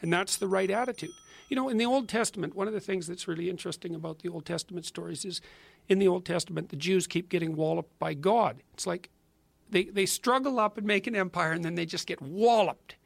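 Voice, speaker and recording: A man's voice: high voice, fairly quick, gravelly, no echo. A man with a Canadian accent answering an interview question in an earnest, emphatic way, often repeating himself. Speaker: psychologist in an interview clip.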